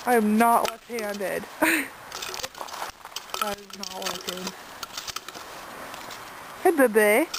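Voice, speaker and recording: A woman vlogger cheering on and cooing at puppies in playful baby talk, filmed on a handheld camera. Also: on the high side. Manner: excited, cooing and cheering the pups on. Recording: noisy home video.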